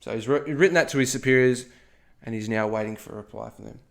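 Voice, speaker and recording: This history podcast co-host speaks fast in a medium-pitched, gravelly voice with a fairly bright tone. His storytelling is playful and joking, packed with asides and frequent "okay?"s.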